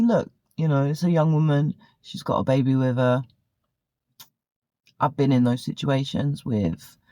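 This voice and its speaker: A woman's voice: rumbling low, dark tone, no echo. A woman, vlogging a candid, profane story in a chatty way. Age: 40s. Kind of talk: casual storytelling monologue.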